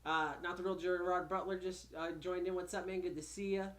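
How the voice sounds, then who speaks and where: Brief: laid-back host, middle pitch, greets chatters one by one. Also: flat delivery, a little fast, a bit bright. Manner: easygoing, greeting viewers by name. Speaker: podcast host reading the live chat. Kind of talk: casual chat.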